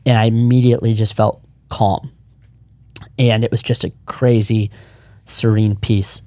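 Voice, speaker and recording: A man's voice: on the low side, little pitch movement, unhurried, warm tone, no echo. A man in his thirties, a podcast co-founder, telling his personal story in casual chat, earnest and rambling with frequent restarts.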